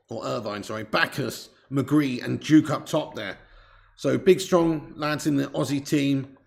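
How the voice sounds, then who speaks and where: Brief: male streamer hosting a football watch-along, gravelly and excitable, casual and sweary. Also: a little high. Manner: excitable and chatty, casual swearing, greets chat viewers.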